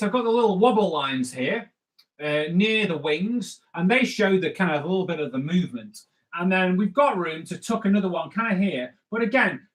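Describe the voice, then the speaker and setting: A man's voice: on the high side, a bit bright. Chatty man teaching a drawing lesson. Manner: chatty, rambling, with jokey asides. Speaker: comics artist teaching drawing.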